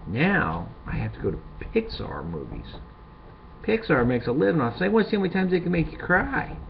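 A middle-aged man hosting a comedic monologue, rambling and crude, building to loud rants. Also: fairly high pitch, wildly swooping pitch, normal speed, creaky. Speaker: show host. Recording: dull lo-fi sound with faint hiss.

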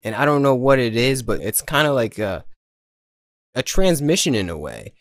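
A man's voice: medium pitch, big pitch swings, moderate pace, no echo. A man hosting a podcast interview, attentive and affirming in casual chat. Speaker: podcast host. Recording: dry close sound.

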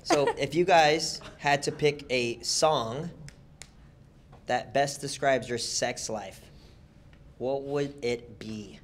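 A young man hosts a live stream dating game, throwing out questions in a quick, casual, offhand way. His voice is a plain middle pitch. Faint hiss sits behind it. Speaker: stream host.

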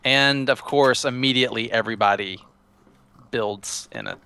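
A man's voice: medium pitch, moderate pace, gravelly, bright, forceful tone, a little hiss or hum. A man casually showing a Minecraft server to a friend, rambling and restarting his sentences. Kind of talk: casual gameplay chat.

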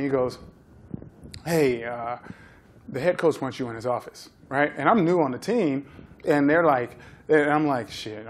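A man in his thirties giving a talk, telling a lively story and acting out the people in it. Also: medium pitch. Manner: animated storyteller acting out quotes. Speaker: guest speaker.

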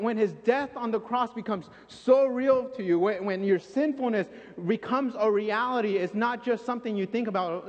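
A male preacher with a high voice delivers an animated sermon, acting out scenes and repeating phrases for emphasis. His words trail into a long church reverb, and the recording is muffled and dull. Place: church sanctuary.

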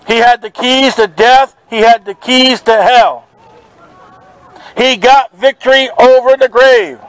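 High-pitched street preacher man, slow. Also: a bit bright, smooth, no echo, low-quality recording. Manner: fervent, preachy, quoting scripture. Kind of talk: open-air street preaching. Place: outdoors at a farmers market.

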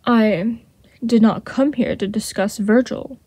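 A woman voicing a sly, snake-like male deceiver in a storybook reading, with a smooth, honeyed manner. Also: on the high side, slow pace, mellow, dry recording. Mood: taunting. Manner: purring and mocking.

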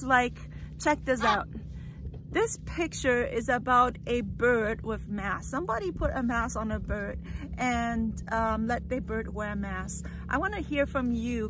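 A woman's voice: a little high, noisy background. A woman vlogging outdoors while flying her pet parrots, talking casually to viewers and cooing soothingly at the birds. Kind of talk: casual vlog chat.

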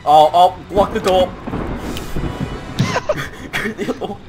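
A man playing an online game with friends, shouting playful trash talk and laughing as he goes. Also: sits high, slow pace, over music. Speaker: gaming YouTuber. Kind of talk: casual game chat.

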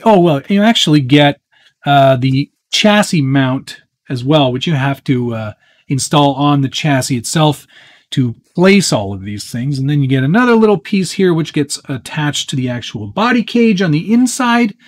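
Chatty man narrating a hands-on build. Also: a little high. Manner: chatty and easygoing, with frequent fillers and self-interrupting asides; hands busy working on a model truck while talking. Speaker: host of a live build stream. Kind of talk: casual live-stream build chat, answering viewer questions.

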